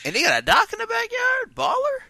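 A man hosting a podcast, reacting to a listener's message with excited jokes. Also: extremely high pitch, a little fast, creaky, dry recording. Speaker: podcast host. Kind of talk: casual chat.

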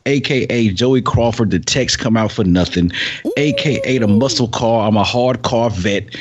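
A man's voice: mid-range voice, normal speed, dull audio. A man co-hosting a casual podcast, boasting and joking through his intro. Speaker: podcast co-host.

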